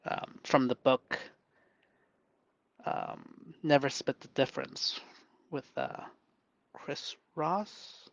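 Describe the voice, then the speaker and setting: A man in a reflective live monologue, speaking gently and softly in a deliberately lowered voice, thinking aloud with pauses and restarts. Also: no room sound, lo-fi sound. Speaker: self-coaching vlogger.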